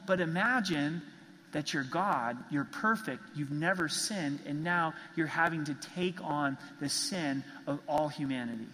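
A man preaching with a bright, fairly high voice, earnest and emphatic as he repeats his key phrases. His words ring out with a long reverb, like a church hall. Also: a little slow. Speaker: pastor. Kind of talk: sermon.

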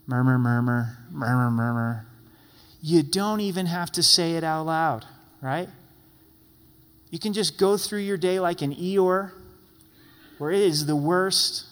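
A man preaching a sermon in a lively way, playfully acting out grumbling voices. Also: high-pitched, slow. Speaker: pastor. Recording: long hall reverb.

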